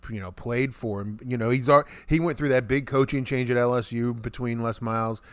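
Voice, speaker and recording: A man's voice: mid-range voice, fairly even intonation, fairly quick, clear, resonant tone. A man hosting a sports talk radio show, friendly and chatty, interviewing a player and bantering with co-hosts. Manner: friendly, chatty, laughs often.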